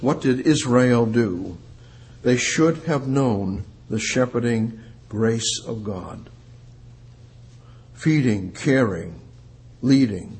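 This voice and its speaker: A man preaching a sermon, repeating words for emphasis and rising louder on the scripture he quotes. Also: mid-range voice. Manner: emphatic, repetitive preaching with slow drawn-out phrases. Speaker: pastor.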